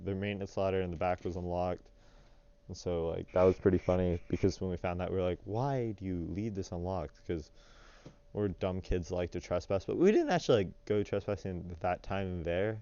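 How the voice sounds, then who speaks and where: Young male storyteller, rambling and animated, smooth voice, dry dull lo-fi sound. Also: deep voice, fairly quick. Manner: rambling, filler-heavy, animated retelling. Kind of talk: casual storytelling voice-over.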